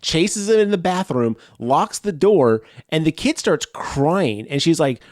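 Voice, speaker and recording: A man's voice: fairly high pitch, moderate pace, few pauses, dry recording, studio quality. A man co-hosting a podcast, casually retelling a movie's scenes with swearing and acted-out lines. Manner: animated retelling, swears, acts out characters' lines. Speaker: podcast co-host.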